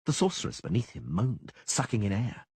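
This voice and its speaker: A man narrating an audiobook in a dramatic, lively reading style. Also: fairly low pitch, moderate pace, breathy edge, dry recording. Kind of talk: scripted narration.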